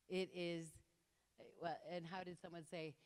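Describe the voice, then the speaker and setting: A woman giving an impassioned talk to an audience, telling stories with lively quoted voices. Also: lowish voice, smooth. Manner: animated storytelling with quoted voices. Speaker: speaker. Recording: reverberant hall.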